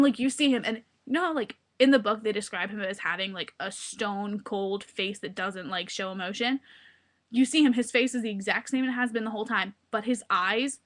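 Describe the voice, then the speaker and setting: Gushing young woman on a webcam. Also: a little high. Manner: gushing, breathless, full of filler words. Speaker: vlogger. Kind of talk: excited casual webcam vlog. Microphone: webcam mic.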